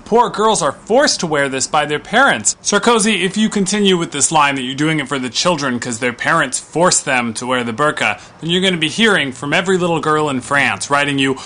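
Guy doing a sarcastic comedy rant, rambly with lots of ums, bright edgy voice. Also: a little high, a little fast, hardly any pauses. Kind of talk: comic monologue.

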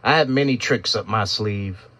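A man's voice: lowish voice, normal speed, bright, forceful tone. A man voicing a shriveled, fallen serpent creature in a pit who hisses and barks mockingly. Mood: defiant. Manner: hissing, barking, mocking.

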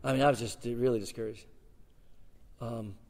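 A man in his sixties, a guest pastor, preaching a sermon and telling his personal story in an animated way, with sudden swings between loud and soft. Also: mid-range voice, moderate pace, creaky, big-room sound. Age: 60s. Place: church sanctuary.

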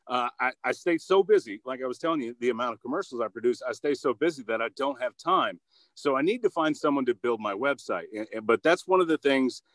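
A man's voice: mid-range voice, a bit bright, no room sound. Upbeat, goofy male voice actor. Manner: upbeat and goofy, with many fillers and repeated starts. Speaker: voice actor and commercial producer. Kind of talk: casual interview answers.

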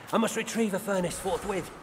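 An actor playing a courtly old sage in a video game, speaking in formal, archaic phrases. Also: male voice, sits high, slight background noise. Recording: reverberant game hall with faint ambience.

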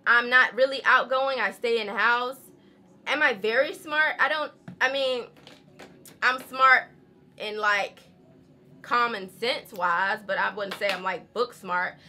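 Southern girl vlogging at home, bright voice, a bit high, talks real open and chatty. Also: unhurried. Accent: Southern American. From Southern United States, rural. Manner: chatty, candid, frequent laughs, says y'all. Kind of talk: casual chat to camera.

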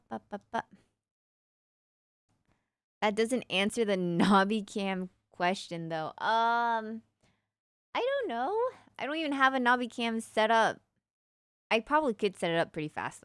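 A woman's voice: mid-range voice, fairly bright tone, clean tone, no echo, clean studio sound. A young woman streaming live, casually chatting and answering her viewers' questions in a playful way, humming little nonsense sounds between thoughts.

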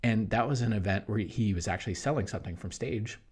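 A man talking as an online business coach in a casual promotional monologue, energetic, jumping between loud bursts and hushed asides. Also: fairly low pitch, fast talker, breathy edge. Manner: mimics other people in quoted voices.

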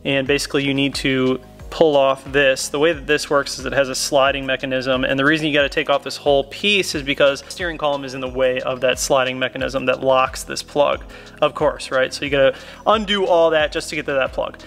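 A man's voice: medium pitch, fairly even intonation, a little fast, a bit bright, faint music behind. A young man giving a casual, upbeat step-by-step car install tutorial. He chats to viewers while working inside a car. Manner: chatty, upbeat, addresses viewers as guys. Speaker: car modification vlogger.

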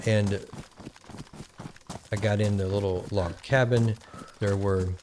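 A man's voice: on the low side, steady tone, slow pace, a little mellow, slight background noise. A man giving casual gameplay commentary, rambling and thinking aloud as he plays. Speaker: gaming channel host.

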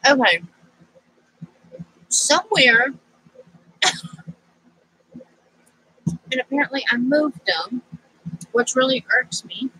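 Chatty, bright-voiced woman crafting at home. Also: high-pitched, animated, slow, long pauses, husky, dry recording, low-quality recording. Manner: rambling and chatty, easily sidetracked. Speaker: craft vlogger. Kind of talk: casual crafting chat to camera.

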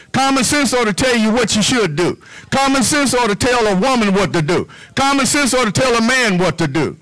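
High bright-voiced preaching man. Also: low-quality recording. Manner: preaching with repetition, drops to a low hush on "whisper". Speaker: pastor. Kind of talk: sermon.

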